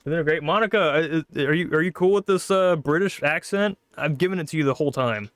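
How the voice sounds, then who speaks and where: A man chatting through a game stream in excitable, swearing, stammering commentary. His voice sits a little high for a man, recorded close and dry on a desk mic. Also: fast, clear, resonant tone, no echo. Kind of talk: casual gaming commentary.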